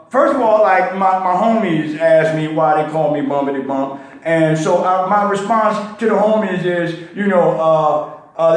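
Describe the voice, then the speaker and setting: A man calling in to a show, casually telling stories and jokes and laughing at his own punchlines. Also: high voice. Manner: laid-back storyteller, laughs at own jokes. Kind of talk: casual phone-in joke telling. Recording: very echoey sound.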